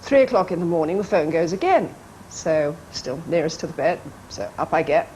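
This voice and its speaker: A woman with a fairly low voice tells amused anecdotes as a guest on a television chat show, slipping into playful voices when she quotes people. The archive broadcast sound carries a faint steady background noise. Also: moderate pace, rough recording. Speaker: actress and guest. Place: TV studio.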